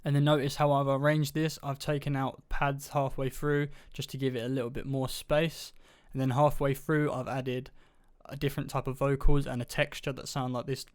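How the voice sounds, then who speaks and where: A man casually talking through how he built a beat step by step, in a relaxed, offhand tutorial voice-over. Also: medium pitch, moderate pace, hardly any pauses, smooth, no echo, studio quality, soft background music. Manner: relaxed, offhand, loose run-on steps. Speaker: beat producer explaining his process. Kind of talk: casual screen-recorded production tutorial.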